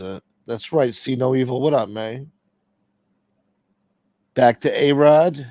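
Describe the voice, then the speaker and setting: A man's voice: mid-range voice, takes it slowly, long pauses, warm tone, no echo. A man in his fifties hosting a talk show and ranting crudely with mocking sarcasm. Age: 50s. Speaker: host. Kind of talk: profane comedic rant.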